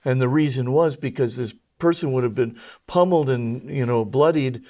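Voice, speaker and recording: A man of middle pitch, a priest and scholar being interviewed. He explains in careful technical detail and often pauses on ums and uhs as he searches for the right word. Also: dark tone. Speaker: guest, Jesuit priest and scholar.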